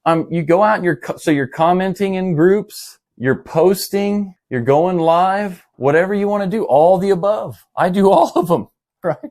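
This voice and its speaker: A man with a slightly high voice coaches his viewers on camera. His delivery is casual and salesy, full of slang and fillers. He drives each point home with repeats and rhetorical questions. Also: normal speed, darkish tone. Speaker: online business coach.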